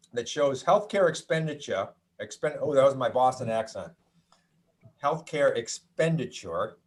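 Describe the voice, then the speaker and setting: A middle-aged man from the United States talks through a presentation in a mid-pitched voice. He is chatty and wry, with asides and restarts as he goes. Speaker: doctor giving a health talk. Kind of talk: presentation with slides.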